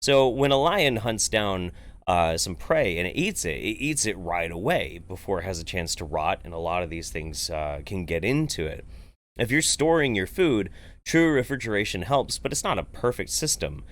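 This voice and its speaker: A man's voice: deep voice, big pitch swings, normal speed. A man hosting a casual livestream, reacting to a video with sarcastic, rambling, profane commentary. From United States. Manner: sarcastic, swears, rambling with restarts. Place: home, Eugene area.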